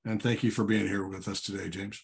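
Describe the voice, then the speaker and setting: A man's voice: fairly low pitch, level tone, fairly quick, gravelly. A man hosting a podcast, politely closing an interview. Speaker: podcast host. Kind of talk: interview wrap-up.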